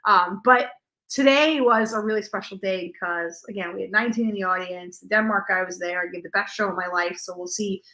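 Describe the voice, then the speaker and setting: A woman's voice: mid-range voice, a little fast, sharp tone, poor audio. A woman theatre performer chatting casually in a vlog, telling stories and acting out what people said to her. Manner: chatty storytelling, acts out quoted dialogue. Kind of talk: casual post-show vlog chat.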